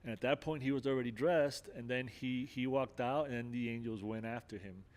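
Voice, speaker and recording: An older man appears as a guest on a podcast, sincerely and earnestly recounting his own experience. His voice is middle-pitched, steady, slightly mellow and at a normal pace, and he frequently restarts phrases and falls back on "you know," so it sounds unscripted and conversational.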